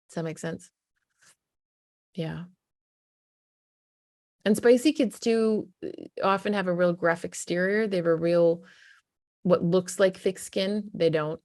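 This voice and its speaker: Woman parenting coach, low gravelly voice, dry close sound, conversational and emphatic. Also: fairly even intonation, normal speed, darkish tone, no room sound. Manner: conversational and emphatic, acts out what a parent would say. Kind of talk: casual advice talk to camera.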